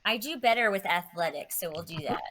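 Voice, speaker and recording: Playful, animated woman player. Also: mid-range voice, fairly quick, a little hiss or hum. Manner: playful, eager. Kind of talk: playing a tabletop game.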